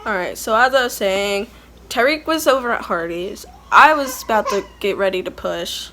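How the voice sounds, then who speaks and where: This young woman has a mid-range voice with lively intonation and a normal speed, and there's noise in the background. She's a vlogger casually recounting her labor in a rambling, chatty way, pausing sometimes to address her toddler.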